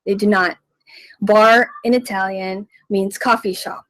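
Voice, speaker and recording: A woman hosting a radio language lesson, teaching slowly and patiently and repeating each phrase. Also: mid-range voice, steady tone, a bit bright, no echo, low-quality recording. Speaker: radio language segment host. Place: radio studio.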